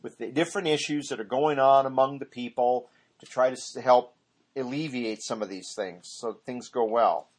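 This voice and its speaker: A man's voice: medium pitch, normal speed, breathy edge. A man teaching an informal Bible study, rambling off on tangents and correcting himself as he goes.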